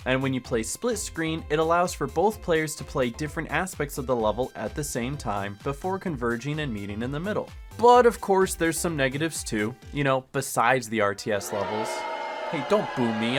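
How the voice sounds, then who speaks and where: A man giving scripted video game retrospective commentary in a sarcastic, jokey way, breaking into loud exclamations. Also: mid-range voice. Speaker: gaming YouTuber.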